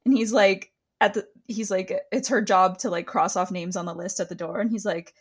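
A woman co-hosting a podcast in casual chat, lively and giggly, who slips into other people's voices when she quotes them. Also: medium pitch, fairly quick, few pauses, breathy edge. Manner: lively, chatty, giggly, mimics accents when quoting. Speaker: podcast co-host. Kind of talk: casual chat recapping a reality show.

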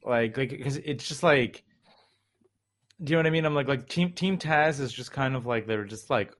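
A man's voice: mid-range voice, moderate pace, fairly bright tone. A man telling a long story in casual chat, rambling with lots of fillers.

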